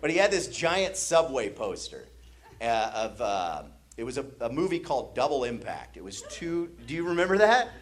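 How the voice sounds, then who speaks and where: A man's voice: medium pitch, very animated, normal speed. A man from the American Midwest doing stand-up comedy, telling a story with laughter and sound effects on a comedy stage.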